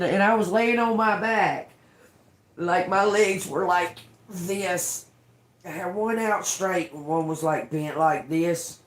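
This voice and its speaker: A woman hosting a tarot livestream who tells a personal story casually. She talks frankly, swears a lot, repeats phrases and breaks into laughter often. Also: fairly low pitch. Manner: drawling, repeats herself. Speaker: tarot reader livestream host.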